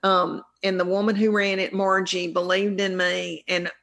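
A woman's voice: medium pitch, level tone, moderate pace, creaky, fairly bright tone. A middle-aged woman with a thick Southern accent tells stories in a casual interview. She rambles in a folksy way and often cuts herself off to start again. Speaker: comedian guest.

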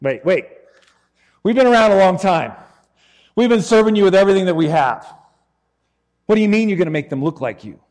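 A preacher playing an indignant Lucifer. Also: male voice, high-pitched, animated, brisk, long pauses, a little mellow. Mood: incredulous. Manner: incredulous, protesting. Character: Lucifer, an indignant, jealous male angel. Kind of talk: sermon storytelling.

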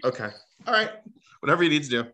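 A man hosts a casual family podcast with his mother, and his voice has a bright, forceful edge. He stumbles, repeats words and keeps trying to pull the conversation back on track. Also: a little high, big pitch swings. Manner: halting, repeats himself, tries to steer the talk. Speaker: host, son.

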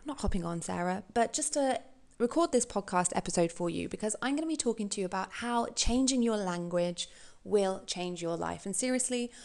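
Woman podcast host, mid-pitched, upbeat and gushing, casual solo talk at home. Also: gravelly. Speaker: podcast host and business mentor.

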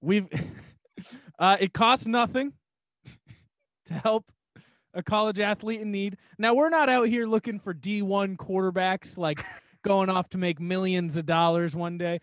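A man's voice: high-pitched, dry recording, studio quality. A man from New Hampshire chatting as a podcast guest, rambling and laughing often between phrases. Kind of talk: casual podcast chat.

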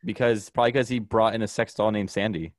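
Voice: medium pitch, steady tone, fast talker. A podcast co-host in casual chat about a TV show, laid-back and teasing.

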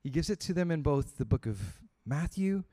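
A man preaching a sermon as pastor, telling a story with lively acted-out voices and dropping to quiet emphasis on key points. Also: moderate pace. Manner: storytelling, acts out quoted voices with rising pitch.

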